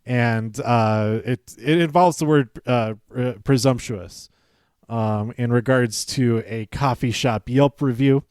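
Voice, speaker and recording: A podcast host recaps a show casually, slowly but with few pauses, his mid-range voice darkish and clean. Chatty and self-interrupting, he chuckles often, stumbles over his words, and gives quoted lines livelier voices. The studio sound is clean with no echo.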